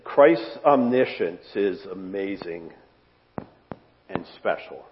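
A man preaching a sermon as pastor, earnest and repeating phrases for emphasis, his voice trailing off softly at the ends of phrases. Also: fairly low pitch, lively intonation, slow pace, pauses often. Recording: dull sound with long hall reverb.

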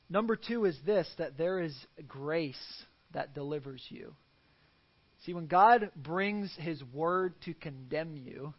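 Male pastor, sermon, earnest, rhetorical questions, dull lo-fi recording. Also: on the high side.

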